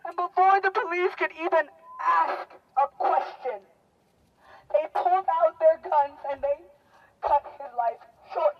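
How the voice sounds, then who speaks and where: A woman's voice: very high-pitched, measured pace. A young woman giving an impassioned, emotional protest speech outdoors, rousing the crowd. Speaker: protest speaker. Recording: dull lo-fi outdoor recording.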